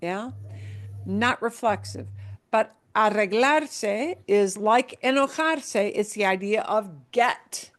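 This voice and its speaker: Speaking slowly in a mid-range voice, this woman teaches a Spanish class. Her lesson is patient and example-driven, and she frequently checks that students are following.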